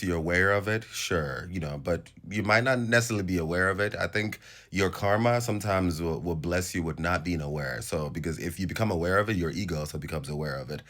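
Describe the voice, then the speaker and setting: Deep-voiced Nigerian man preaching to camera. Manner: animated, preachy, laughing asides. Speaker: host. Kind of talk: casual monologue to camera.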